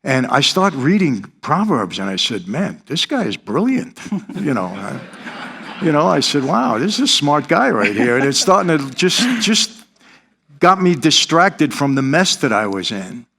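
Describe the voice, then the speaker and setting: A man's voice: mid-range voice, very animated, a little slow, vocal fry, pushed and bright, slight background noise. Earnest middle-aged New man. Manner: earnest, confessional storytelling. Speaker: guest telling his life story. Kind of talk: interview testimony.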